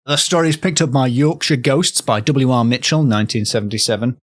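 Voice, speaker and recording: A man tells folklore as comedy, wandering and self-correcting with a playful edge. His voice sits at an everyday middle pitch. The recording is close and dry, with no room sound. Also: fairly quick, no echo. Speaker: podcast host, storyteller.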